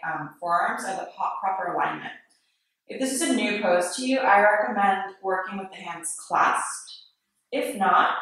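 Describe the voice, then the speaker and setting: A woman yoga instructor leading a class with steady step-by-step breathing and movement cues in a yoga studio. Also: mid-range voice. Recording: very echoey studio, mic far off.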